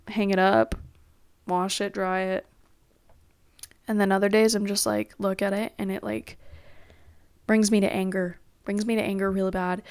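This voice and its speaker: A woman's voice: medium pitch, clear, resonant tone, dry recording, clean studio sound. A young woman rambling in a casual, self-deprecating solo chat at home. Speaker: podcast host.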